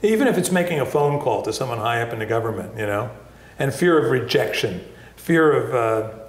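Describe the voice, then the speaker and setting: A man's voice: mid-range voice, expressive, fairly quick. A man from New Jersey, an author as interview guest, talking casually and chuckling often. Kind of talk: casual conversation. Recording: echoey room.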